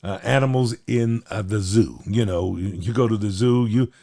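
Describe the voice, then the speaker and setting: A man's voice: on the low side, normal speed, gravelly, mellow, dry recording, clean studio sound. A man hosting a casual commentary show, scolding and exasperated, with many fillers and restarts. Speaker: host.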